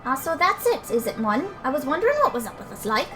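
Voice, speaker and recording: Cheeky little Welsh fairy lad, put on by a woman, high-voiced and blunt, game sidekick. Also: very animated, fast talker, bright, forceful tone, a little hiss or hum, exaggerated voice. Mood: explaining. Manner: chatty, blunt, folksy.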